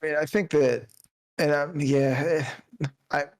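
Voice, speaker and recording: Male podcast co-host, gravelly timbre, rambling and halting casual review talk. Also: a little high, fairly even intonation. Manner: rambling, halting, lots of fillers and restarts. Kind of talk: casual movie review chat.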